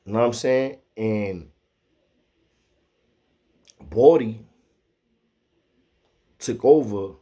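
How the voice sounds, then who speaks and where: A man telling a profane, animated street story, acting out the quotes. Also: lowish voice, very slow, long pauses.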